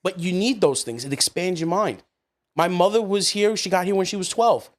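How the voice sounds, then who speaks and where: A man hosting a casual podcast chat, laughing often and jumping in with quick quips. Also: high voice. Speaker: podcast host.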